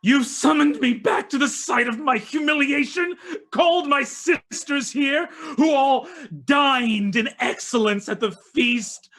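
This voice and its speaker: A man voicing a towering, weeping queen spirit who shouts out her accusations. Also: very high voice, a little slow, pitched above the performer's own voice. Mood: wrathful.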